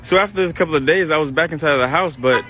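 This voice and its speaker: A man's voice: fairly high pitch, very fast, bright, forceful tone, soft background music, poor audio. Earnest man telling his story. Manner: earnest, conversational, with restarts. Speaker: father telling a confession. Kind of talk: casual first-person storytelling.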